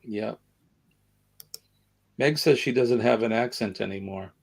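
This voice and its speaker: A man's voice: on the low side, unhurried, vocal fry. Rambling chatty Southern American man. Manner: rambling, chatty, many fillers. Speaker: livestream host. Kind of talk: casual live-stream chat.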